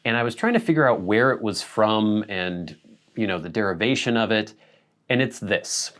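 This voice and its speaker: A middle-aged man from the Pacific Northwest hosts his own channel in a relaxed, chatty way. His voice sits fairly low, and he muses aloud with light laughs and frequent self-corrections. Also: normal speed. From Pacific Northwest, USA. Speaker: channel host. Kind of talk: casual vlog chat to camera.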